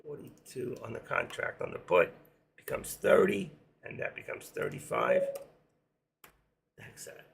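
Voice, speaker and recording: A hoarse man hosting a live trading stream, rambling casually to himself and his viewers as he works through charts. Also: mid-range voice, huge pitch swings, a little slow, long pauses, a little hiss or hum. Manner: rambling, talks to himself while working charts. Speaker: livestream trading host.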